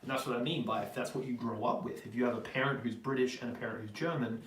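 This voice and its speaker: A man's voice: mid-range voice, steady tone, fast talker, distant mic, a little hiss or hum. Easygoing Australian man on a roomy live stream. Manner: reads viewer questions aloud, then rambles answers with many ums. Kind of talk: casual live Q&A chat. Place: home in Germany.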